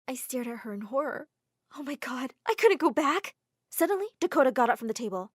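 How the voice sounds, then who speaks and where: Casting: woman narrator, dramatic storybook read, slightly high, dry close sound. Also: lively intonation, fairly quick, no echo. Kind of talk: first-person storybook narration.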